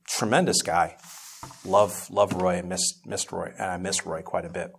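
A man's voice: sits low, fairly even intonation, normal speed, creaky, fairly bright tone, a little hiss or hum. Man preaching, building to fervor. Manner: conversational storytelling that grows impassioned, with frequent restarts. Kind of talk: sermon-style Bible teaching.

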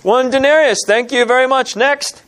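Male pastor, high voice, lively sermon delivery, plays out the story's characters. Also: normal speed. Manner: animated storytelling, acts out parable characters in grumbling voices.

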